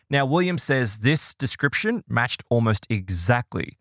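A man's voice: measured pace, few pauses, no room sound. A man spins a ghost story for a podcast, his voice swooping up and down as he acts out what people said. The sound is close and dry, with no room around it. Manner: animated, voices quoted people in higher pitch. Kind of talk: casual storytelling chat.

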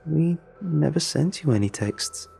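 A man's voice: fairly high pitch, lively intonation, a little slow, vocal fry, mellow, faint music behind, voice pushed up, heavily acted. A man voicing a teenage schoolgirl who speaks in a sombre, earnest way. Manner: sombre, pleading.

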